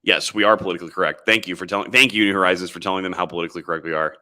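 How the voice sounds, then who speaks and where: A man's voice: low-pitched, steady tone, rapid-fire, pushed and bright. A man hosting a casual livestream, reading chat comments and rambling sarcastically, calling his viewers boys. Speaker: livestream host. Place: indoors, standing in camera frame.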